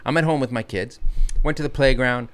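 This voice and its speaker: A man's voice: medium pitch, a little fast, smooth. A man hosting a podcast in casual chat, telling stories about himself with self-mockery and swearing, recorded in a hot, stuffy room. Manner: profane, self-deprecating storyteller. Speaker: podcast host.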